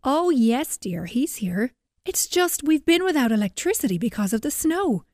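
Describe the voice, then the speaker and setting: A woman voicing a kindly grandmother who gently reassures her grandson. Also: sits high, big pitch swings, moderate pace, dry recording. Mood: soothing. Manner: soothing, reassuring.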